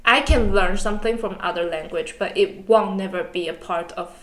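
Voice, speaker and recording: A woman whose first language is Chinese, chatting casually on a podcast and often pausing to search for her words. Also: medium pitch, a bit bright. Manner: hesitant, searching for words, many fillers. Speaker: podcast co-host. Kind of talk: casual chat. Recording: roomy echo.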